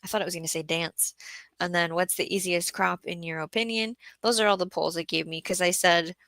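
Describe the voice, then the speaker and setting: Woman streamer, gravelly bright voice, tired, casual gardening chat, close dry mic. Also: fairly low pitch, steady tone, a little fast, dry recording. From Southeast Florida. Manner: chatty, thinks aloud, frequent throat clearing. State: tired after a bad day. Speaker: gardening livestream host. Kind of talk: casual live-stream chat reading comments.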